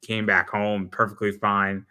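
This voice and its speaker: Low, bright-voiced easygoing man. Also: flat delivery, clear, resonant tone. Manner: halting, easygoing, restarts sentences. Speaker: podcast guest. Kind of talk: casual chat.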